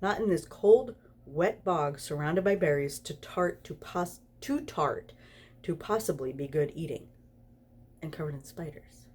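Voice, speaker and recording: A woman's voice: deep voice, animated, unhurried, a little mellow, slight background noise. A tipsy woman reading a story aloud, giggling through it. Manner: giggly, snorty laughs while reading. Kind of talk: reading fan fiction aloud.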